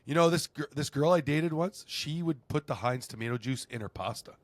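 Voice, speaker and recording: A man's voice: fairly high pitch, dry recording. A man co-hosting a podcast in casual chat, joking, laughing and telling anecdotes. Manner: jokey, quick to laugh, tells anecdotes. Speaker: podcast co-host.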